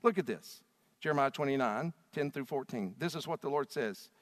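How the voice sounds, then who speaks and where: A man preaching a sermon, telling scripture stories dramatically and acting out the quotes with big swings between loud and soft. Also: medium pitch, expressive, moderate pace, in a large hall. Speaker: pastor.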